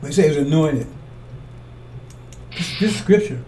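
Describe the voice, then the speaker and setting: A man delivers a heated sermon in a high, dark-toned voice. He accuses and repeats his points as he works through scripture. His voice sounds distant from the microphone. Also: lively intonation, normal speed, a little hiss or hum. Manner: accusatory, repetitive, preaching from scripture. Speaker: preacher. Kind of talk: fiery scripture commentary.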